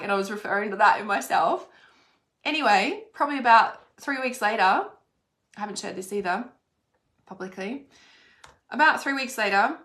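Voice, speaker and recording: A woman's voice: medium pitch, a bit bright. A woman telling a personal story in a casual, chatty way, swearing freely and saying "like" often. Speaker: spiritual content creator. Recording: roomy echo.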